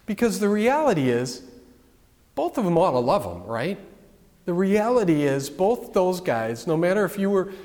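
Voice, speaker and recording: Lively, restless man preaching in a reverberant hall. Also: high voice, moderate pace. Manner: conversational, lively, with frequent restarts and asides. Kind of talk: sermon. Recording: long reverb of a large hall.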